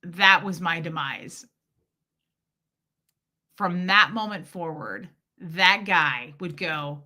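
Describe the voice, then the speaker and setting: A woman with a lowish, expressive voice speaks slowly in a sharp tone. She hosts a casual livestream, chatting candidly with live viewers and telling a personal story that includes quoted voices.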